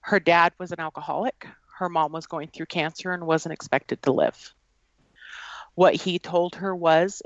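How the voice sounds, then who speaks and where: A woman telling a personal story in an earnest, halting way, with frequent fillers. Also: on the low side, fairly even intonation, no echo, dull audio. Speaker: guest. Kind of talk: personal storytelling in a podcast conversation.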